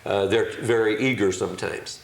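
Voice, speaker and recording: A man's voice: on the low side, normal speed, creaky. An older man, an auctioneer, recalling his career in a plain-spoken, hesitant way during an interview. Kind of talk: recollecting in conversation. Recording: roomy echo.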